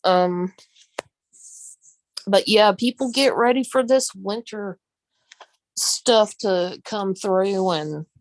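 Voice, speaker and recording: A woman with a Southern US accent, chatting casually on a live stream, rambling with many pauses and ums while greeting viewers. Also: medium pitch, no echo. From Southern United States. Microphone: phone.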